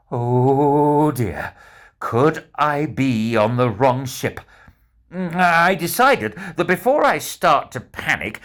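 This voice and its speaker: A man narrating a children's adventure story in the first person as a bear, in an animated, expressive storytelling manner. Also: mid-range voice.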